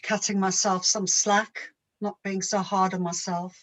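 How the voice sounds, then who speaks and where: A woman talking slowly and thoughtfully as a coaching client, pausing often while she searches for words. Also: medium pitch, flat delivery, fairly bright tone, poor audio. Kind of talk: reflective coaching conversation. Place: home.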